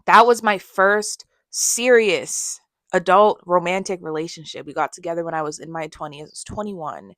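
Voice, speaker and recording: In a studio-quality recording with no room sound, a young woman vlogger tells stories about her own life straight to camera, conversational and reflective, now and then mimicking her past voice. She speaks at a moderate pace in a fairly low, steady voice that is a bit bright.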